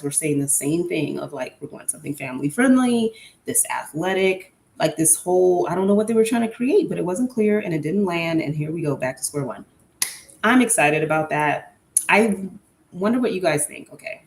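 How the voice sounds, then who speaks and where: Chatty, opinionated woman podcaster in an echoey room. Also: sits low. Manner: chatty, candid, opinionated, lots of fillers. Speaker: podcast host. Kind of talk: casual solo podcast chat.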